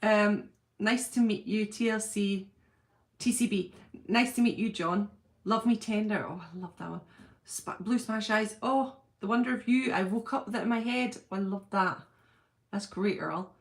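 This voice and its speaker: A woman's voice: medium pitch, moderate pace. Woman doing a chatty livestream from home, reading comments, gushy and rambly, lots of ums. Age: adult with a husband and school-age children. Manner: chatty, gushing, thinks aloud with many fillers. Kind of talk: casual live-chat.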